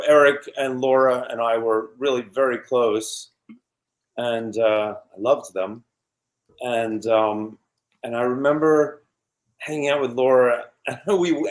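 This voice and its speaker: A man in his fifties from New York, a guest actor recalling film shoots in a casual, animated interview. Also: mid-range voice. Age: 50s. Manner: animated anecdotes with laughs and quoted voices.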